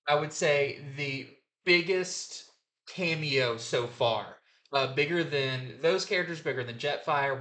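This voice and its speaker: Male comic review host, bright tense voice, slightly high, casual rambling enthusiasm.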